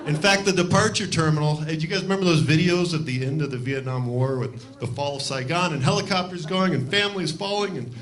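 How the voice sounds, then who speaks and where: A man's voice: a little high, fast talker, few pauses, a crowd in the background. Self-deprecating man doing live stand-up. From Cleveland, Ohio. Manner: self-deprecating, loose and conversational. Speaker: stand-up comedian. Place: comedy club stage.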